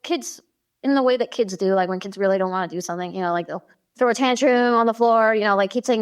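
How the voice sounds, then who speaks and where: A woman who is a podcast guest, telling a personal story in an animated way with many fillers. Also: fairly high pitch, fast talker. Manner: animated, many fillers, acts out quoted dialogue.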